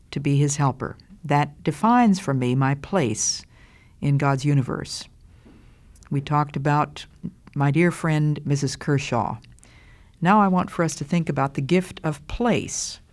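An older woman giving a Christian devotional talk in a slow, deliberate, earnest way. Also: low-pitched, darkish tone. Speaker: Christian speaker.

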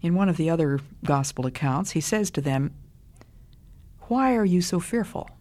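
A woman's voice: lowish voice, lively intonation, normal speed, darkish tone. An older woman giving a radio devotional talk, earnest and conversational, asking listeners direct questions. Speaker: radio Bible teacher.

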